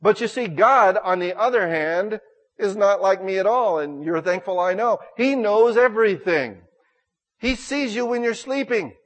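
In a large hall, a middle-aged male pastor preaches a sermon in a church, his voice sitting high. He is folksy and jokey, acting out little quoted exchanges.

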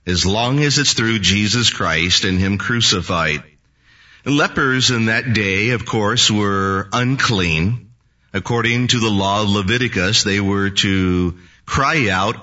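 A man preaches slowly and deliberately, lingering over each phrase. His fairly low voice has a bright, forceful edge. The recording is dull and lo-fi, caught from some distance off the mic. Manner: slow, deliberate scripture reading and teaching. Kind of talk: sermon.

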